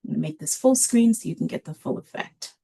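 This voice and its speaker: A woman presenting a library webinar in a relaxed, casual way, with many filler ums. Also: deep voice, quick pace, vocal fry, slightly rough.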